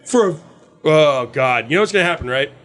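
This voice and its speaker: Animated high-voiced male podcast host. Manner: animated, profane, breaks into quick impressions. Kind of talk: casual chat.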